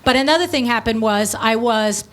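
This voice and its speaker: A middle-aged woman, an interior design business owner and podcast host, telling a story in a breezy, blunt, animated way, with quick asides. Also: a little high. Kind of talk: casual storytelling.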